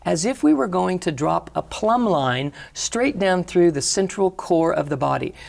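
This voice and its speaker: A middle-aged woman, a healing teacher, calmly guiding a breathing exercise and talking about her work in an interview. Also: lowish voice, vocal fry. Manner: calm, slow guiding cues. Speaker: energy healing teacher, guest. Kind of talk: guided breathing instruction and interview.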